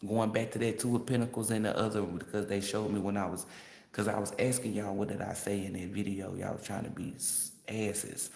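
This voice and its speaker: A man's voice: fairly low pitch, little pitch movement, fairly quick, creaky, a little mellow. Man, tarot reader, casual stream rant, brash, profane, laughs often, echoey room. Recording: roomy echo.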